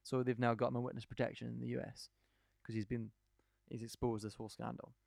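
A man's voice: medium pitch, flat delivery, quick pace, gravelly, darkish tone, no room sound, studio quality. A man co-hosting a podcast, enthusiastically retelling a documentary in casual chat, rambling from point to point. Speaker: podcast co-host.

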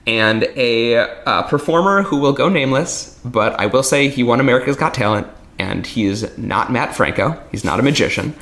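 A man's voice: medium pitch, lively intonation, normal speed, hardly any pauses, fairly bright tone. A man who works as a magician, telling stories in a casual podcast conversation, candid, laughing often and swearing now and then. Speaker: magician guest.

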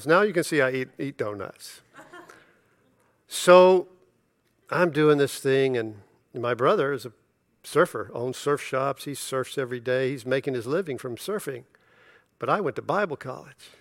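A middle-aged man preaching a sermon, telling a self-deprecating personal story and acting out the dialogue with lively energy. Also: medium pitch, creaky. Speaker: pastor.

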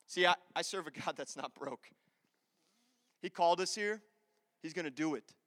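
A man preaching a sermon as a pastor, animated and confessional, swinging between loud urging and hushed asides. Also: sits high, moderate pace, pauses often, no room sound, studio quality, long reverb tail.

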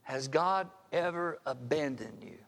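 Slow-preaching older man pastor. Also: fairly high pitch, fairly bright tone. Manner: earnest, asks the audience direct rhetorical questions. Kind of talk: sermon. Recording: long reverb of a large hall.

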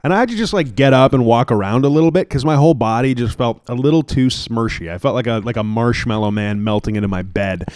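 A man's voice: mid-range voice, fast talker, hardly any pauses, darkish tone, dry recording, studio quality. A man co-hosting a casual podcast, rambling and joking with lots of restarts and fillers. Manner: rambling, jokey, many restarts. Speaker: podcast co-host.

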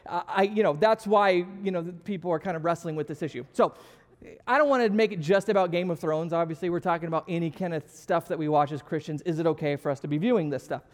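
High-voiced pastor joking in a big hall. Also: male voice, fast. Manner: conversational and self-deprecating, joking with the audience. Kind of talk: casual sermon with audience questions.

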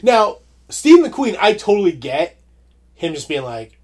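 Podcast co-host, male, husky tone, lively pitch, even-tempered delivery. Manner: measured, agreeable, frequent short assents. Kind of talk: casual movie review chat.

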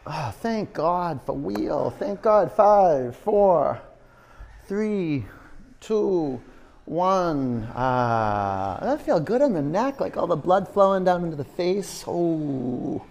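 A man's voice: a little high, sing-song, slow, creaky, darkish tone. A man teaching a yoga class in a studio, counting down holds and coaxing students in a playful, encouraging way. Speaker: yoga instructor.

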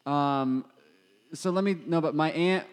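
Young male co-host, slightly higher voice, sarcastic and quick with a joke. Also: smooth. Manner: joking, sarcastic riffing. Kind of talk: casual chat.

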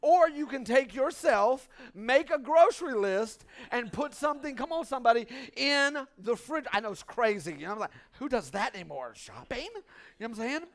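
A man preaching a sermon to a congregation, joking and urging the crowd with "come on, somebody", swinging between loud bursts and quiet asides. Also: very high-pitched, lively intonation, moderate pace. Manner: humorous, call-and-response urging "come on somebody". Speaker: pastor. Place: church before a congregation.

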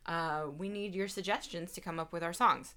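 A woman's voice: lowish voice, steady tone, normal speed, bright, forceful tone, clear, resonant tone. A young woman co-hosting a podcast, chatting casually with frequent fillers and laughs. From Baltimore area, USA. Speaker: podcast co-host. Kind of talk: casual chat.

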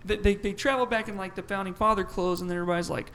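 Young man, podcast co-host, crude casual banter, high-pitched, gravelly, faint background noise. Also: fairly even intonation, fast talker, a bit bright. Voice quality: gravelly, swears a lot, jumps into silly voices.

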